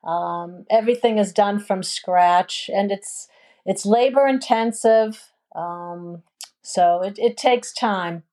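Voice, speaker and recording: A woman in her sixties, a guest in an interview, telling stories in a relaxed way with frequent ums. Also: mid-range voice, takes it slowly. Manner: warm storytelling with many ums and you knows. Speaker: guest, food business owner. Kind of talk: casual interview chat.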